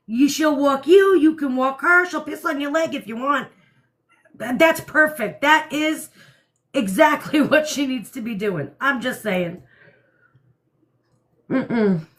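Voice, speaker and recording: A woman's voice: sits high, fairly bright tone. A middle-aged woman hosting a casual livestream from home at night, blunt and laughing often. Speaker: livestream host. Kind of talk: casual live chat.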